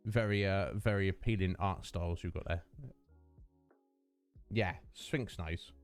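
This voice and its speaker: A man's voice: deep voice, fairly even intonation, unhurried, smooth, soft background music. A man, chatting casually with his livestream viewers, greeting them by name and laughing often. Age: 30s. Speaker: streamer.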